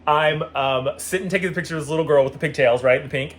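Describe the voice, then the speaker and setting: Brief: animated male vlogger, a bit high-pitched, faint room hiss. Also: fast talker. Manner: animated, acts out quoted voices, frequent "like" fillers. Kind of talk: casual storytelling vlog.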